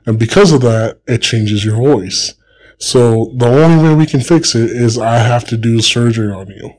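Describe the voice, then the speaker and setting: A man voicing a calm, matter-of-fact male doctor in a comedic joke. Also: medium pitch, normal speed, voice pushed down, lightly acted.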